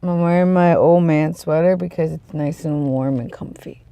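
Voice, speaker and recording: A sick vlogger talks casually to the camera, sniffly, congested and yawning through a rambling, self-deprecating chat. The voice is gravelly with a dark, mellow tone, recorded close and dry. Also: moderate pace, hardly any pauses, no echo. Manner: rambling, self-deprecating, trails off into low mumbles. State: tired and yawning.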